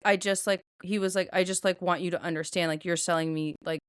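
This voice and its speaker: A woman's voice: on the low side, steady tone, fast talker, smooth, no room sound, studio quality. A woman co-hosting a podcast, chatting casually about a book and retelling scenes with lots of filler words. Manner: chatty, retells scenes with many likes and restarts. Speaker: podcast co-host.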